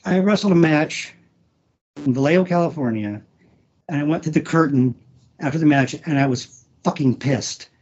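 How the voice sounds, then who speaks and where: A husky, slightly high-pitched man speaks in a halting, emotional way, restarting often and swearing freely. He is a guest on a casual podcast. The sound is dull and lo-fi. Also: a little mellow. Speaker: guest, former wrestler.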